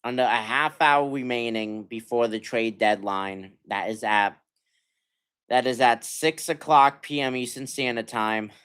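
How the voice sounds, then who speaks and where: A hoarse young man ranting as a sports livestream host, stammering and sighing, swinging between muttered complaints and loud outbursts. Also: medium pitch, a little slow. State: hoarse from yelling. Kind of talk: frustrated fan rant on a livestream.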